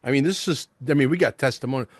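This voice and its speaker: A male host in casual interview chat, excitable and rambling, peppering his talk with "bro" and "like". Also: mid-range voice, very fast, no room sound.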